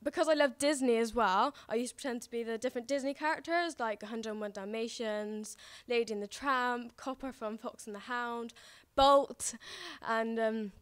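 A woman's voice: on the high side, moderate pace, clear, resonant tone. A young woman telling a personal story on stage, giggling often between phrases. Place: stage before a live audience.

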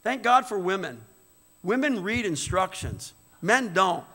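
An older man preaching a sermon from the pulpit, animated, swinging between loud exclamations and quiet reflection. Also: sits high, measured pace. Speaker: pastor. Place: church sanctuary. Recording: church hall reverb.

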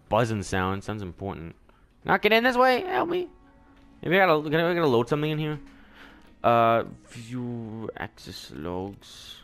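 Young male let's player, excitable and loud; bright, animated delivery. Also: medium pitch, smooth. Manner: excitable, yelling and laughing at the game. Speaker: gameplay commentator. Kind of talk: let's play commentary.

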